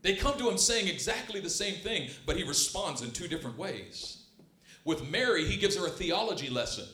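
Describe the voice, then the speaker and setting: A man preaching a sermon with passion, swinging between hushed, tender lines and loud, emphatic ones. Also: sits high, sing-song, brisk, a little hiss or hum. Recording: roomy echo.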